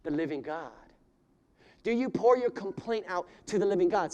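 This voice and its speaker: A man preaching a sermon as pastor, addressing the congregation directly and voicing prayers in rising, pleading cries before dropping to quiet appeals. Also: very high voice, expressive, moderate pace.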